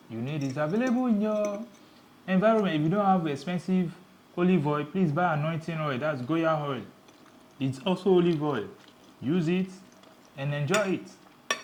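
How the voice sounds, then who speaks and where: A man's voice: on the high side, a little hiss or hum. A Nigerian man co-hosting a casual cooking vlog, joking and playful in his talk. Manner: playful, jokey, animated. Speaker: vlog co-host.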